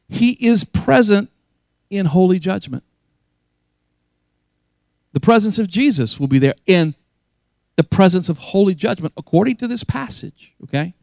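A man's voice: sits high, no room sound. A man preaching a sermon as pastor, earnest and emphatic, often repeating key phrases for weight.

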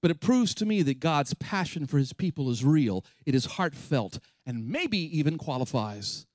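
A man's voice: very animated, normal speed, a little mellow, no echo. A man preaching a sermon, passionate and emphatic, with chatty asides to his congregation. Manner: impassioned, rising to high emphatic peaks when quoting scripture. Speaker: pastor.

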